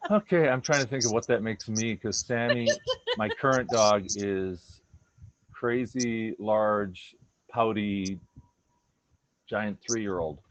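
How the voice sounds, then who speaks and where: A man's voice: on the low side, slow. A man telling personal stories about his dogs in a casual, earnest chat, acting out their thoughts in quoted voices. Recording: dull lo-fi recording.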